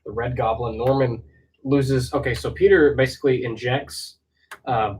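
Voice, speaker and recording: Brief: chatty man host, lively storyteller, distant mic with faint hiss. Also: medium pitch, normal speed. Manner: animated storyteller, laughs while retelling. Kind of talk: casual chat.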